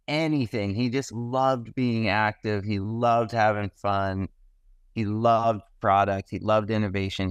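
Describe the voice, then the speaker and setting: A young Canadian pro snowboarder, guesting on a podcast, tells stories in a casual, enthusiastic, slangy way. His voice is on the low side with a clean tone and no echo, and he animatedly acts out what people said.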